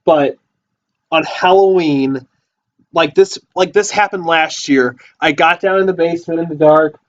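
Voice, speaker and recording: An excitable man chatting casually on a livestream, his voice pitched a little high. He rambles, backtracks and leans on fillers as he talks. The sound is dull and lo-fi, as if caught on a phone in a basement. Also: a little slow. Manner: rambling, repeats himself with many fillers. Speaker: livestream host. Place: house basement. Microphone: phone or computer mic.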